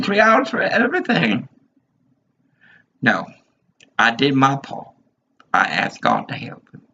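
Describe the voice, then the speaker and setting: A man's voice: mid-range voice, creaky, bright, forceful tone, husky. A man in his fifties giving an agitated, rambling monologue, repeating himself as he vents. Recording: dull lo-fi recording.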